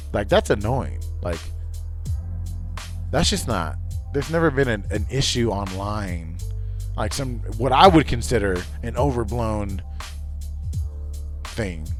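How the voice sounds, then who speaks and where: A man's voice: fairly low pitch, sing-song, moderate pace, pauses often, soft background music. A man hosting a livestream, chatting casually in a rambling, profane way with many restarts. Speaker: livestream host.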